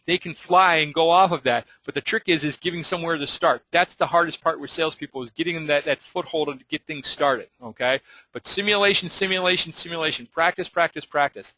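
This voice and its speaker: A man hosting a sales webinar, briskly relaying audience questions to his guest. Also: a little high, bright, forceful tone, no room sound, poor audio. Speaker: webinar host. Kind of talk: moderating a webinar.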